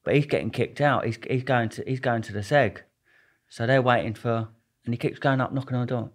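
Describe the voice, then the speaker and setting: Brief: young bloke, casual podcast guest, chatty and rambling, laughs often. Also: male voice, mid-range voice, fairly even intonation, fairly quick. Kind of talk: casual storytelling.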